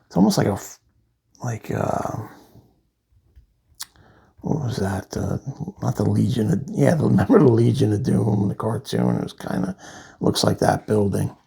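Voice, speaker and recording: A man's voice: fairly low pitch, very animated, measured pace, vocal fry, long pauses, dark tone, husky. A man reviewing a comic book in a loose, rambling way, full of fillers and restarts. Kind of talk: casual comic walkthrough.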